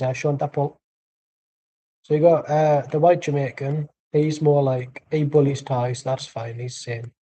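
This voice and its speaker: Dry rambling guy doing a footy watchalong, mellow but kinda high voice. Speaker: watchalong streamer. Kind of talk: casual match commentary and chat.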